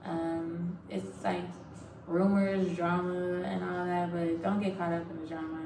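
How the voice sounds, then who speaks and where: Frank, low-voiced young woman vlogging. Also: level tone, unhurried, far from the mic. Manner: loose and frank, full of "like" and "um", swears freely. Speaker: Navy recruit sharing her boot camp experience. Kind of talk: casual storytelling vlog. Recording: echoey room, voice off-mic, clear background noise.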